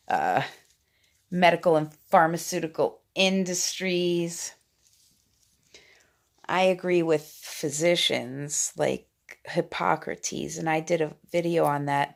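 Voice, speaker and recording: Woman in her 40s, rambling vlog monologue into a phone; slow delivery, slightly low voice, excitable swings between loud and hushed. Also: vocal fry. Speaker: vlogger. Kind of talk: casual talking-head monologue. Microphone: phone camera.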